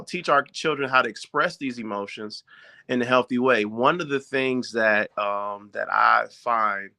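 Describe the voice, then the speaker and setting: A man with a bright, forceful voice talks straight to his viewers about raising children. He sounds informal and direct, and he keeps checking that his listeners are following along. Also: mid-range voice, vocal fry. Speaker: parent giving parenting advice. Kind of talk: casual talk to viewers.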